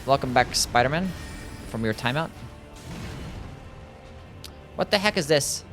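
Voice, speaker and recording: A man's voice: medium pitch, animated, unhurried, fairly bright tone, soft background music. A man casually streaming a game live, chatting and answering his viewers in a laid-back way.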